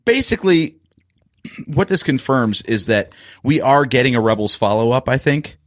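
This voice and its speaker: A man's voice: mid-range voice, animated, normal speed, dry recording, studio quality. Laid-back man teasing his co-host. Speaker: podcast co-host. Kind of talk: casual review chat.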